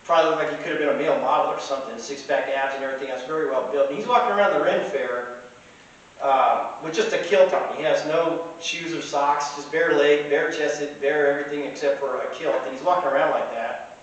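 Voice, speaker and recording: A man's voice: on the high side, fairly even intonation, fairly quick. A man casually telling rambling anecdotes from costume fairs. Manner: rambling, chatty. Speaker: storyteller. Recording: echoey room, distant mic, faint hiss.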